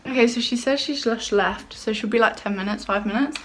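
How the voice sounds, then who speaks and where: A woman's voice: a little high, brisk. A young woman chatting casually to camera in her bedroom, bubbly and gushing. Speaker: vlogger. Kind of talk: casual vlog chat. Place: bedroom at home. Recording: roomy home recording with faint noise.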